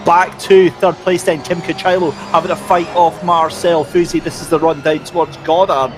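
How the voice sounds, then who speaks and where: A man giving lively, jokey play-by-play commentary on an online sim race. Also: on the high side, moderate pace, music in the background.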